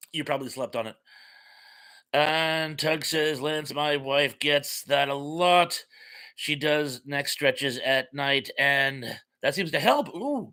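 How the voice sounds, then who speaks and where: A man's voice: a little high, pushed and bright. A man hosting a live stream, chatting casually as he reads out viewer comments in a friendly, rambling way with many fillers.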